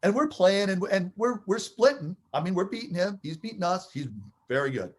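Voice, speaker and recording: A man telling a personal anecdote with animated, building excitement, acting out the scenes as he goes. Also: high-pitched, brisk. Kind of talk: storytelling anecdote.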